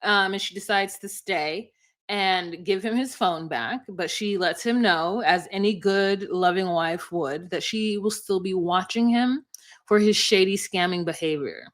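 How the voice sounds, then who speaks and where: A woman's voice: mid-range voice, measured pace. Wry, sceptical woman podcaster. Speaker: podcast co-host. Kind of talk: casual recap chat.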